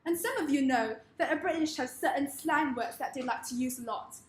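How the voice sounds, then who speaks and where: A woman giving a comedic presentation in a wry, deadpan manner. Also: sits high, brisk, echoey room, a little hiss or hum.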